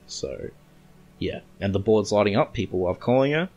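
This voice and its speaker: A man's voice: on the low side, lively intonation, moderate pace, darkish tone, faint music behind. An Australian-accented man hosting a podcast, recapping a comic book in a rambling way with joking asides. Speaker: podcast host.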